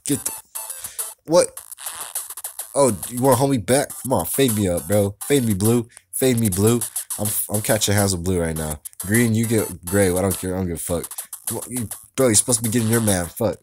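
A man playing a wrestling video game, cursing and shouting at the characters on screen in excitable commentary. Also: lowish voice, moderate pace, long pauses, faint music behind. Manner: loud and excitable, trash-talking the screen. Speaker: let's play gamer. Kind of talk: profane gameplay commentary.

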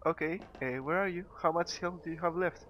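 A man's voice: fairly high pitch, brisk, a bit bright, a little hiss or hum. A young man talking casually while playing a computer game, teasing his friend. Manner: teasing, laughs a lot. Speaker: gamer. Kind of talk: casual gaming banter. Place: at home on a computer.

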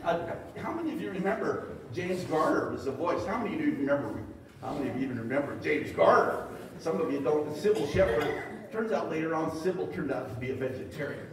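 In a big, echoey meeting hall, recorded from far away, a presenter at an extension talk jokes with a live audience in a folksy way and acts out quotes. His voice is slightly high and expressive, moving at a quick pace against background noise.

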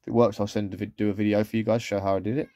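Chatty man with a warm tone. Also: fairly low pitch, little pitch movement, very fast, dry recording, clean studio sound. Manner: chatty, rambling, with trailing asides. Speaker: vlogger. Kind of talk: casual shopping haul commentary.

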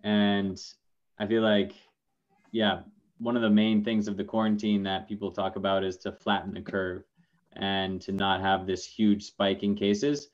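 A man talking calmly as a guest in a casual video call chat, with dull lo-fi call audio. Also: on the low side, a little slow.

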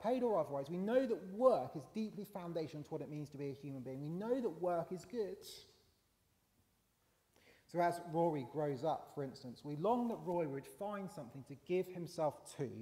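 In a church, a man with a fairly high, mellow voice preaches a conversational sermon full of fillers and rising emphasis. The recording carries the long reverb of a church hall.

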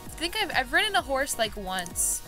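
Bright, excitable young woman vlogger. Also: high voice. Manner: excitable, self-mocking, quick reactions. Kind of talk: casual gaming commentary. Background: background music.

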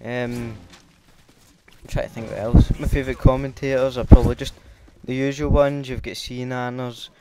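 A man's voice: medium pitch, flat delivery, normal speed, very noisy. A Scottish man giving casual, hesitant commentary over his gameplay, with lots of filler ums. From Scotland. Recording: loud game gunfire behind.

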